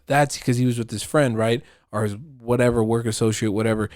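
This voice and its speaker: A man tells stories in a loose, rambling monologue peppered with swearing and laughter. His voice sits at a medium pitch and is recorded close and dry, with no room sound. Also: level tone, fast talker, hardly any pauses, a little mellow, no room sound. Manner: profane, rambling, with frequent laughs. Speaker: podcast host. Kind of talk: casual storytelling monologue.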